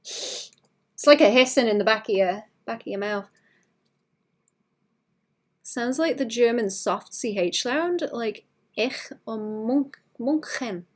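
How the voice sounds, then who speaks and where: A woman's voice: on the high side, expressive, takes it slowly, long pauses. A woman from Wales chatting casually on a livestream while she draws, thinking aloud with frequent restarts and fillers. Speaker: artist streaming while drawing.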